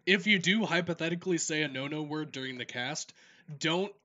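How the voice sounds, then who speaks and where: A man's voice: on the high side, brisk, pushed and bright, highs cut off. A man who works as an esports caster, giving direct advice in casual podcast talk.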